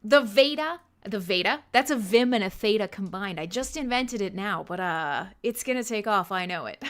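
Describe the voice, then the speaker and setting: A woman's voice: mid-range voice, normal speed. A woman hosting a live stream in casual chat, joking, swearing freely and laughing often. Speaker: host.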